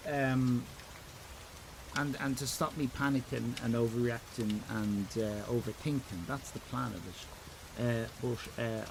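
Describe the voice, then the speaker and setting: A man's voice: medium pitch, vocal fry, noisy background. A middle-aged Irish man streaming live, rambling and self-mocking in casual chat with his viewers. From Ireland.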